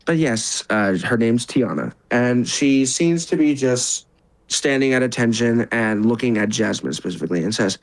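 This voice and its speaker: A man's voice: mid-range voice, expressive, normal speed, dry recording, rough recording. A man narrating as game master of a tabletop game, rambling with fillers and self-corrections.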